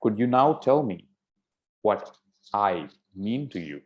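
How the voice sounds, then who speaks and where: A proud, pompous old king who boasts and makes demands in a low, slow voice, as a male storyteller puts him on. The recording is dull and lo-fi. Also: very animated, a little mellow. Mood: demanding. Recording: dull lo-fi sound.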